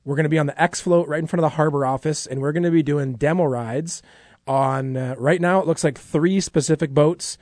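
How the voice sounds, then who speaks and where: A man's voice: a little high, a little fast, darkish tone, no room sound. A man hosting a radio show in a studio, chatty and self-mocking as he promotes an event. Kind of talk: casual radio chat and sponsor promo. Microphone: studio microphone.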